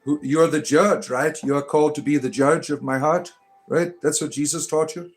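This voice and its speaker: A man's voice: a little high, steady tone, normal speed, faint music behind. Irreverent joking man on a livestream. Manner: irreverent, joking, mock-preachy asides. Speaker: livestream host answering chat. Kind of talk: casual joking livestream chat.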